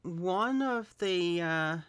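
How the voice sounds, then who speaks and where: A woman from Birmingham reading the Bible aloud unhurriedly and musing with quiet hums and asides. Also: lowish voice, expressive, very slow, clear, resonant tone. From Birmingham, England. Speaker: scripture reader.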